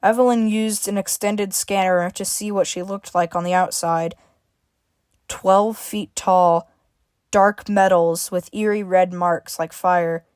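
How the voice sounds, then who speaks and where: A woman narrating a homemade story in an even, mid-pitched voice. The sound is dry and close, with no room around it. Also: unhurried, hardly any pauses, clean tone, no echo. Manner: reads dialogue with shifting emphasis, stammers for a frightened character.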